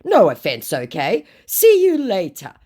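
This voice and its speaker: A woman's voice: medium pitch, measured pace, pitched above the performer's own voice. A woman voicing a clingy, pleading male online scammer, whining and repeating himself as she reads his chat messages aloud. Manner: whiny, repeating "calm down, okay".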